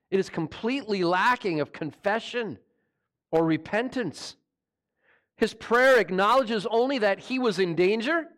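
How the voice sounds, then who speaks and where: A pastor preaching a sermon, animated and mocking, firing rhetorical questions at his listeners. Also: high-pitched.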